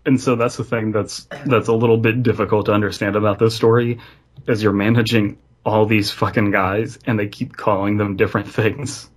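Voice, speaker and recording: A man co-hosts a casual podcast, dropping dry, laid-back remarks. His voice is low and husky, a little rough around the edges. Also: little pitch movement, normal speed. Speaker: podcast co-host. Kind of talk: casual chat.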